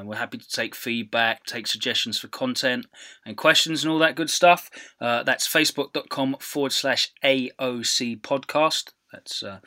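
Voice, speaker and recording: Guy doing the podcast intro, bright voice, lots of ums. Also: medium pitch. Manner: relaxed, many fillers. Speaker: podcast host.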